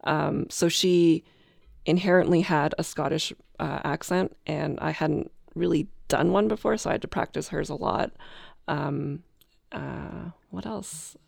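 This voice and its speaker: Low, gravelly woman GM, halting casual talk, dry close mic. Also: no room sound. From Canada. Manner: hesitant, many ums, laughs often. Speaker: game master. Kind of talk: casual podcast chat.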